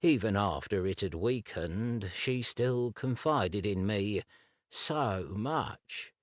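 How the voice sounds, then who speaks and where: A shy, heartbroken young suitor, as a man voices him, speaks low and slow, tripping over his words in halting stammers. His voice sits deep and dry, close to the ear. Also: lively intonation, no room sound. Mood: wistful.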